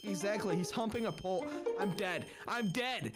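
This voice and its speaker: A woman playing a video game with a friend, excitable, shrieking and giggling as she chats casually. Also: mid-range voice, moderate pace, music in the background. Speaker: gaming co-host. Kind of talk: casual gameplay chat.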